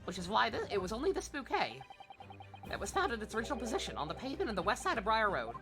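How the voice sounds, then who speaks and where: A woman's voice: fairly high pitch, big pitch swings, very fast, music in the background. A woman hosting a let's play, reading game dialogue and tossing in sarcastic, playful asides.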